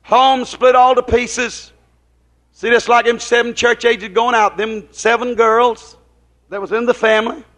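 A man's voice: very high-pitched, level tone, a little slow, a bit bright. A man preaching a folksy, rambling sermon, often asking the congregation whether they follow him. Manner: folksy, rambling, drops into quoted dialogue.

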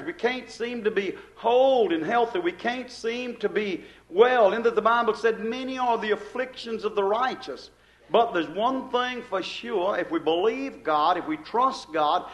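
A man preaching a sermon with fervent delivery, acting out cried prayers and using King James phrasing. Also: sits high. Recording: dull lo-fi recording.

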